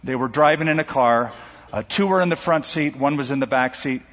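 A man preaching a sermon, with dynamic delivery that swings between rising emphasis and quiet drops. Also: medium pitch, brisk. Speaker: pastor. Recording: dull recording in a large reverberant hall.

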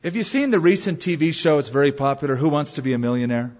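A man's voice: on the high side, lively intonation, fast talker, a little mellow. A man preaching a sermon, telling the story dramatically with rhetorical questions. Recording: dull reverberant hall recording.

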